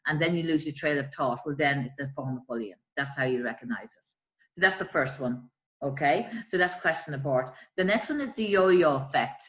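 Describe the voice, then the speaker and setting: An earnest woman with a slightly low voice talks through examples in conversation. She explains patiently and slips into the voices of the people she describes. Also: low-quality recording. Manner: earnest, acts out quoted voices, trails off softly. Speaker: guest explaining bullying. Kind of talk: explanatory chat.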